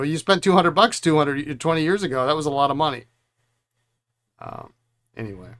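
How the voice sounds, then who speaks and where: While working on a pen repair stream, a middle-aged host chats casually, wandering through stories with frequent chuckles. He speaks in a mid-range voice that's a bit bright.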